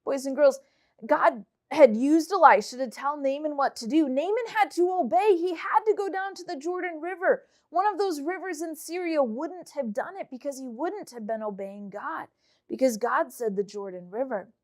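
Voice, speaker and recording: A woman teaching a Bible story to children, reading scripture aloud and retelling it in lively, casual words. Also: high voice, normal speed.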